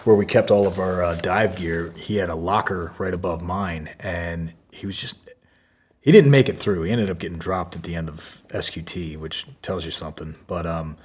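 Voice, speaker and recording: A man's voice: sits low, normal speed, breathy edge. A man, a podcast guest, tells a story in loose, casual talk full of fillers and swearing. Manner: loose, profane, many fillers.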